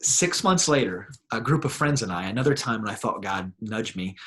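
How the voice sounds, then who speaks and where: A man, a pastor, telling personal stories in a relaxed conversational way and acting out the people in them. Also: fairly low pitch, normal speed. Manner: animated storyteller, acts out voices in his anecdotes. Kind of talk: conversational storytelling.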